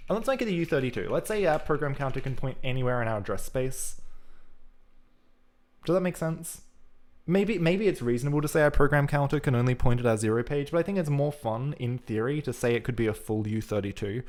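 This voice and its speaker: A man of ordinary pitch chats through his programming on a live stream, thinking aloud in a loose, casual way. Keyboard typing can be heard behind him. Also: lively intonation, a little fast, a little mellow. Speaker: programming livestreamer. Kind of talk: live coding commentary.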